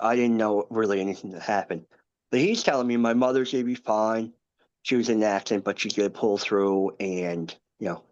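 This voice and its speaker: A podcast guest in his thirties relates a personal story with earnest hesitation and plenty of asides. His voice is on the low side, and the audio sounds dull.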